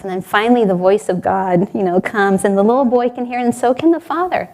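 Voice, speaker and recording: A woman's voice: a little high, lively intonation, a little fast, few pauses. Woman preaching in a storytelling manner. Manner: warm storytelling, gently rhetorical. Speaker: spiritual teacher giving a talk. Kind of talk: sermon.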